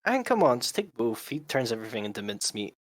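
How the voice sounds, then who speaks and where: A man's voice: mid-range voice, big pitch swings, fast, a little hiss or hum, lightly acted. A man voicing a flippant male god in a live tabletop role-play, with casual, dismissive banter. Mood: breezy.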